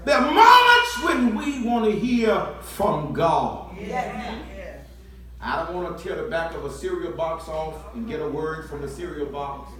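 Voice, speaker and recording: A man preaching a sermon, building from quiet talk into shouted call-and-response to the congregation. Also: on the high side, a little slow. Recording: echoey church from far off.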